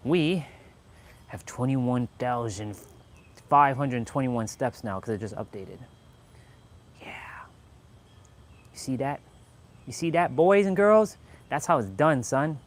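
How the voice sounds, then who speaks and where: A man's voice: mid-range voice, animated, slow pace, pauses often. A man chatting casually on his live stream, hyped and boastful, repeating his phrases. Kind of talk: casual livestream chat.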